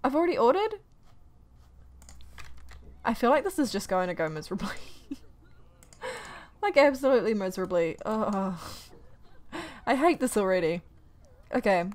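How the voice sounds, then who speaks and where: A young woman giving casual let's-play commentary, exasperated and ranting, often breaking into quick laughs. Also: a little high, sing-song. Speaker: gaming YouTuber.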